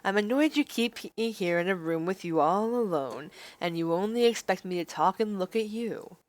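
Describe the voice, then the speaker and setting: A woman's voice: medium pitch, animated, moderate pace, no room sound, close to an everyday voice. A woman voicing an arrogant, manipulative young male noble with cold, domineering threats, reading a visual novel aloud.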